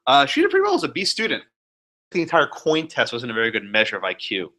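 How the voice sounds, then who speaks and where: A law professor, a man, lectures to a room of students. His voice sits a bit high and swings up and down with energy. He leans on sarcasm and turns to ask students questions. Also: wildly swooping pitch, quick pace, sharp tone. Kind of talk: classroom lecture. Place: classroom.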